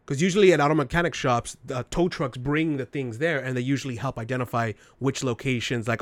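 A man's voice: mid-range voice, brisk, few pauses, no echo. A man playing a tabletop game, narrating his character's actions in a casual, rambling way with many fillers. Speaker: player.

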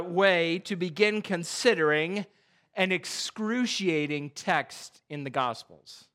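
Bright-voiced high male preacher. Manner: animated storytelling, voices jokes with rising pitch. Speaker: pastor. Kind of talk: sermon. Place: church sanctuary.

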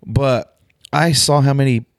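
A man's voice: medium pitch, fairly even intonation, measured pace, clear, resonant tone, no room sound, clean studio sound. A man hosting a casual podcast, talking in an opinionated, candid way with casual swearing. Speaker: podcast host.

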